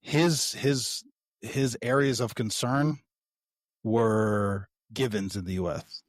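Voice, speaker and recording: A man co-hosts a casual podcast and wanders through long personal stories, dropping the odd curse and laughing at his own jokes. His voice sits a little low. The sound is dry and close. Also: fairly even intonation, slow, no echo. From United States. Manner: rambling storyteller, casual swearing. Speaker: podcast co-host.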